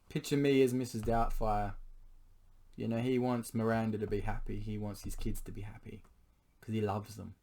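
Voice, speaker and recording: A man's voice, a little low and gone hoarse, carries a late-night confessional monologue. He talks in an earnest, pleading way, pausing often to clear his throat as his voice gives out. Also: warm tone. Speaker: vlogger addressing his partner.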